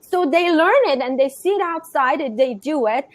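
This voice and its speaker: A woman's voice: high-pitched, lively intonation, moderate pace. A woman giving parenting advice as a guest in a conversation, earnest and emphatic, often restarting her sentences and repeating phrases. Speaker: conscious parenting guest expert.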